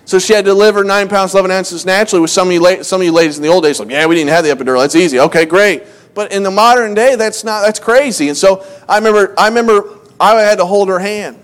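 A man's voice: high voice, quick pace, clean tone. A man preaching a conversational sermon, telling family stories with self-mocking asides, restarting phrases, and reading scripture in old-fashioned wording. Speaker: pastor.

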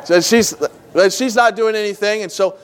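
A middle-aged man preaching a sermon, telling a story about himself and acting out both sides of the dialogue in an animated way. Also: sits high, normal speed, a faint crowd, a little hiss or hum. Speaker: pastor. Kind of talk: sermon with acted illustrations.

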